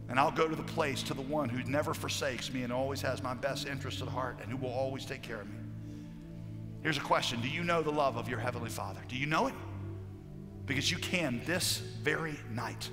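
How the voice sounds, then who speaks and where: A man preaching a sermon as a pastor, passionate, moving from loud declarations to hushed storytelling. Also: medium pitch, lively intonation, moderate pace, pauses often. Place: large conference hall. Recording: live hall recording with long reverb and faint music.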